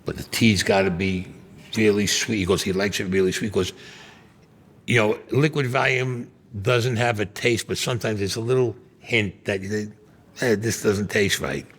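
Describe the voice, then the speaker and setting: Gravelly older New man. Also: fairly low pitch, fairly even intonation, normal speed, fairly bright tone. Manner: blunt, streetwise, swears freely. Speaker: interviewee. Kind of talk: casual storytelling.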